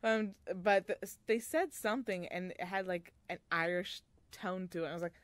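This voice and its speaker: A woman co-hosting a podcast in casual book-discussion chat, animated, swearing freely and laughing often. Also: fairly low pitch, normal speed. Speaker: podcast co-host.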